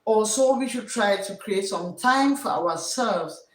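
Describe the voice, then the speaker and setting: A woman's voice: medium pitch, lively intonation, a little slow, distant mic. A woman teacher hosting a live stream with a West African English accent, who greets her viewers by name, repeats her words and encourages them with preachy advice. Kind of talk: casual live-stream talk. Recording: echoey room, voice from off mic.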